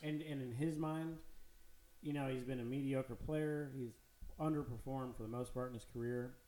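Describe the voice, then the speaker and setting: A man with a mellow, relaxed voice talks football on a podcast, casual and animated, cursing freely and laughing along. The sound bounces around an echoey room. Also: medium pitch, normal speed. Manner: animated, swearing, laughing often. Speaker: podcast co-host. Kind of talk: casual sports chat.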